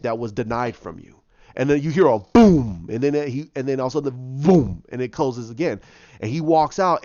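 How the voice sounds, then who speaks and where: A man's voice: mid-range voice, a little mellow, dry recording, dull audio. A man casually retelling his own movie idea, rambling with many restarts and repeated words. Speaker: fan pitching his own movie plot.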